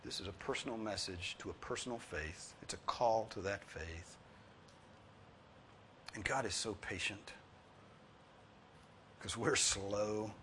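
A man preaching a sermon, earnest and pleading, repeating his points for emphasis and swinging from soft, low tones to loud, high ones. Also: unhurried, pauses often, a little hiss or hum. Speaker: pastor.

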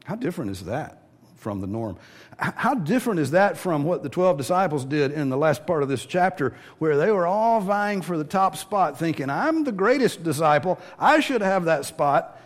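A man's voice: fairly high pitch, animated, moderate pace. A man preaching a sermon, teaching verse by verse and briefly acting out the voices of the people he describes. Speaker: pastor.

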